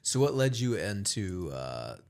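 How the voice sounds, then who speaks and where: A man's voice: lowish voice, sing-song, measured pace, vocal fry, darkish tone. A man hosting an interview, chiming in with short agreements and casual questions. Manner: frequent short backchannels, casual swearing. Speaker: podcast host.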